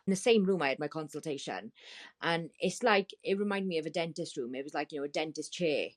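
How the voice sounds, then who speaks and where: A woman guest on a talk show, telling a painful story in a halting, distressed way with many restarts. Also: low-pitched. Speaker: podcast guest. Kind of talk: emotional storytelling.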